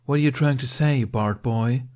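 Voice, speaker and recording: A man's voice: mid-range voice, moderate pace, darkish tone, pitched above the performer's own voice, natural voice. A man voicing a boastful, cocky young Viking squire who mocks others. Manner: bragging, mocking.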